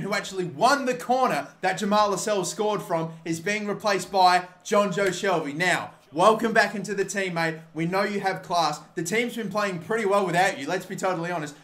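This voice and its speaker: A young man with a high voice calls a football match as a passionate fan. He talks fast, swears freely and vents his frustration at every missed chance. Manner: swearing, frustrated outbursts and shouted goal reactions. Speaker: gaming YouTuber commentating a football match. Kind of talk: excited fan commentary over game highlights.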